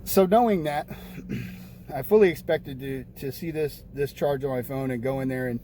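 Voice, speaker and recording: A man's voice: medium pitch, normal speed, warm tone. A man venting to the camera in a casual, rambling vlog, exasperated and repeating himself. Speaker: vlogger. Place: room with windows open near a street. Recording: faint street noise. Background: passing buses and traffic.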